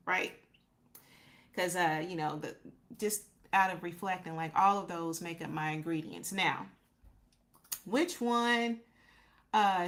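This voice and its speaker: Relaxed woman hosting a faith-talk livestream. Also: fairly low pitch. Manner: reflective, faith-centered, reads out viewer comments; loose, conversational, repeats herself and thinks aloud. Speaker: podcast host. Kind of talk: casual livestream chat with viewers.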